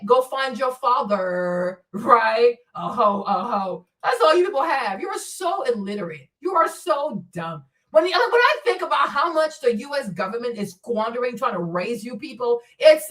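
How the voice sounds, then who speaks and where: A woman's voice: a little high, fairly bright tone, far from the mic. A woman from Africa hosting a livestream, ranting in a mocking, taunting way and laughing often. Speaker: livestream host. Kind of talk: livestream rant.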